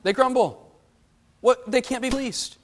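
A man leading a Bible study, explaining verses and asking the group questions in an animated way. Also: very high voice, a little slow, a little hiss or hum. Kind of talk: teaching a Bible class.

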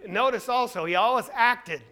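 A man preaching a sermon, emphatic and full of rhetorical questions, swinging between loud stressed lines and quiet asides. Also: very high voice, moderate pace.

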